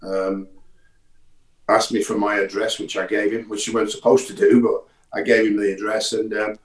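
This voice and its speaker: Low-voiced older Midlands man, roomy sound. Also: little pitch movement, moderate pace. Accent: faint Midlands, softened by years in the Northwest. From English Midlands. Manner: plain-spoken storytelling with small hesitations. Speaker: guest. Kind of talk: casual chat.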